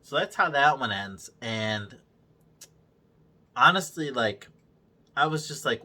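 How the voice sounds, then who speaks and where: A man's voice: medium pitch, animated, takes it slowly, long pauses, pushed and bright. Swearing, exasperated male reviewer. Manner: swears constantly, mocking and exasperated; retells scenes by acting out characters' lines. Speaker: video reviewer. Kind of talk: casual profane review rant.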